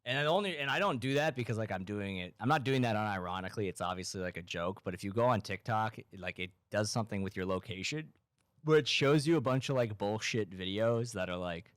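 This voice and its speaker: Low-voiced deadpan rambling man. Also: brisk, clean tone, no echo, clean studio sound. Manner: rambling, deadpan and ironic, heavy on "like". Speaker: podcast host. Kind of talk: casual comedy podcast chat.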